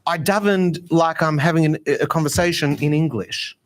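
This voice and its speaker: Male rabbi, high voice, informal gathering talk, chatty and self-deprecating. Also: moderate pace. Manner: lively, chatty, self-mocking. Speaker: rabbi teaching meditation.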